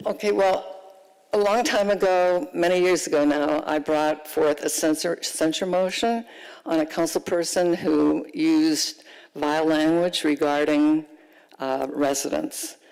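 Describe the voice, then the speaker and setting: Council member, gravelly voice, indignant and emphatic, long hall reverb. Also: mid-range voice, fairly even intonation, unhurried, darkish tone. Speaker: council member sponsoring the item. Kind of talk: council meeting closing argument. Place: council chamber.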